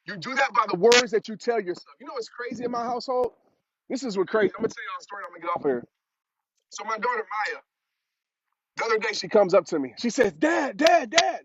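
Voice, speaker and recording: A man's voice: sits high, fast talker, a bit bright. A man giving a motivational talk, preaching and repeating phrases for emphasis, out on a road. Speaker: motivational speaker. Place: outdoors on a road. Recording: dull lo-fi sound with clear hiss.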